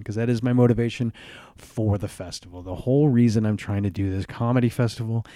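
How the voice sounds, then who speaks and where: A man's voice: sits low, a little mellow, dry recording, clean studio sound. A man hosting a podcast, talking earnestly and reflectively on his own, often restarting phrases and adding "right?" asides. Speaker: podcast host. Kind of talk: reflective solo podcast monologue.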